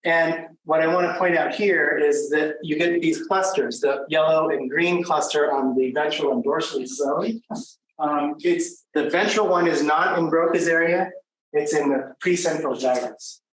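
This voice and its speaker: A man with a slightly high voice gives a conversational academic lecture, full of fillers and restarts. He is picked up from a distance in a very echoey room, with faint background noise. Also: a little slow, fairly bright tone.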